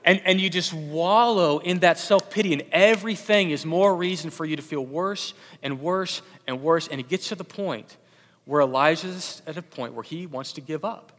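A man's voice: a little high, moderate pace, fairly bright tone. A young adult man preaching a sermon as a pastor, conversational, with many fillers and restarts. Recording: long hall reverb.

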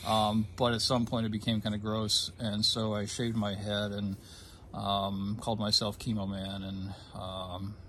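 Halting man telling a personal story. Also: on the low side, completely flat delivery, fairly bright tone, a little hiss or hum. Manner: halting, with many fillers and restarts; emotional, gets choked up. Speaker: guest telling his story. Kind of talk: casual conversation.

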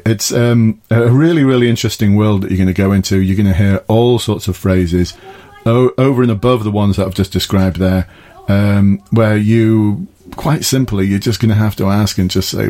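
A man's voice: on the low side, darkish tone. A middle-aged former police officer hosting a podcast, chatting casually from his garden summer house and laughing at his own jokes. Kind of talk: casual advice talk.

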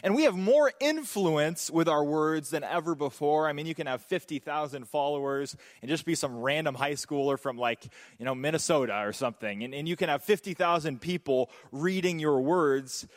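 A man preaching a sermon, telling stories and jokes in an animated way. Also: fairly high pitch, moderate pace, few pauses, long reverb tail. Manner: animated, joking, storytelling. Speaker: pastor.

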